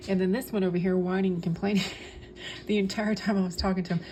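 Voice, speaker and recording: Earnest yet casual, a woman who reads tarot and vlogs about spirituality preaches in repeated phrases, often restarting and filling pauses. Her mid-range voice holds a steady tone at a quick pace against a noisy background.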